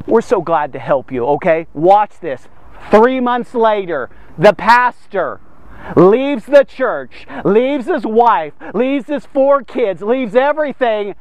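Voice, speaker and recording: A man's voice: high-pitched, no echo. A man preaching a devotional sermon to men, emphatic and direct, often checking in with "okay?". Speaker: pastor.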